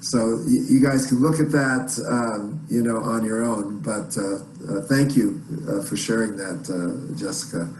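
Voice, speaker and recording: A man's voice: lowish voice, a little slow, few pauses, a little mellow, echoey room, poor audio. A man hosting an online music workshop, explaining in a rambling, encouraging way with many restarts. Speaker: workshop host.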